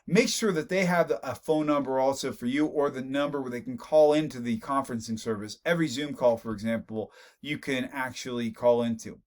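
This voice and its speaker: A man's voice: mid-range voice, fairly quick, few pauses, a little mellow. A man giving a recorded online business lecture in a conversational way, often repeating a word as he gathers his thoughts. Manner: conversational, repeats words while thinking. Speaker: instructor.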